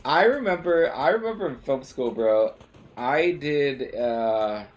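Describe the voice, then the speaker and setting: A man's voice: medium pitch, expressive, slow. Rambling, swearing male game streamer. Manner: rambling and swearing, with many fillers and restarts. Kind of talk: casual chat while gaming.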